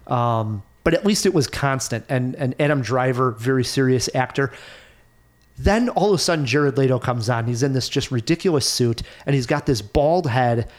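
A man hosting a casual film review podcast, animated and laughing often as he recounts scenes. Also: medium pitch, moderate pace. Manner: animated, laughs often, mimics actors' voices. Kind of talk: casual movie review chat.

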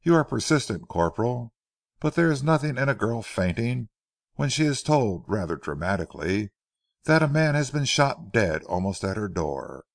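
A man voicing a haughty, mocking gentleman who brushes off a policeman's questions. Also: mid-range voice, very animated, normal speed, gravelly, no echo, studio quality. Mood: scornful. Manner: scornful, dismissive laughter in his words.

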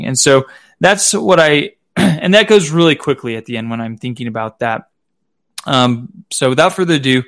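A man's voice: medium pitch, no echo, clean studio sound. Man leading a casual rosary meditation. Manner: casual, halting, with fillers and soft laughs. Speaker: rosary prayer leader. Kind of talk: reflective spoken meditation; recited prayer.

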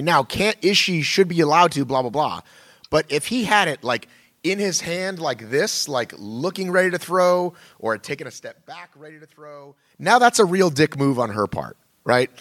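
A man co-hosting a weekly podcast in casual chat, talking in an animated, rambling way with many restarts. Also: mid-range voice, dry recording. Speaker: podcast co-host.

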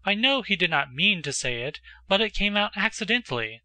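An excitable, earnest teenage girl, put on by a man reading a storybook, breathless and pleading. Her voice sits high, bright and crisp, recorded dry and close with no room sound. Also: fairly quick, no echo, heavily acted.

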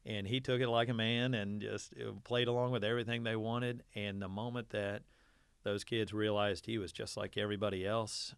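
A man's voice: on the low side, flat delivery, normal speed, vocal fry, smooth, no echo. A man in his forties, a teacher, telling a long folksy story in a casual interview and acting out the quotes. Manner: folksy, self-deprecating storyteller who acts out quotes.

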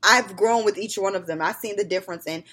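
Fast and husky, this medium-pitched woman co-hosts a laid-back chat. She brings her stories to life by playing out moments of telling off her kids.

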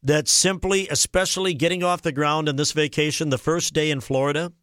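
A man in his forties hosting a radio talk show, telling stories in an animated, exasperated way. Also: fairly high pitch, a little fast, no room sound, studio quality. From Minnesota. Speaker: radio host. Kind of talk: casual chat. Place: radio studio.

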